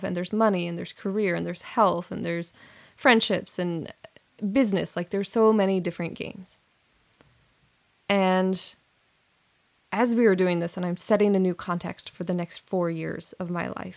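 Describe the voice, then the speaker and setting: A young adult woman talks through a personal story on her own podcast, earnest and a little rambling, often restarting her sentences. Her voice sits a touch lower than most women's. The delivery is casual and unscripted. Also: creaky. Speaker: podcast host and coach. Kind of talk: casual solo podcast monologue.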